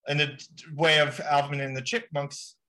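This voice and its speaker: A man's voice: on the high side, little pitch movement, normal speed, bright, forceful tone. A young man co-hosting a comedy podcast, explaining nonsense like a mock expert with rambling, filler-laden speech. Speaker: podcast co-host. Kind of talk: improvised comedy podcast chat.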